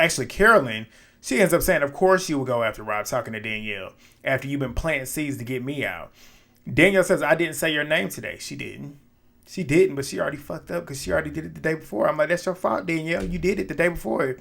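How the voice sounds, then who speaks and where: A man with a slightly high voice talks through a reality show episode in a loose, conversational way. He acts out the lines he quotes and drops his own quoted reactions in between, keeping the retelling lively. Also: creaky. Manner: animated, retells scenes with quoted asides and laughs. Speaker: recap commentator. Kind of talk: casual reality show recap.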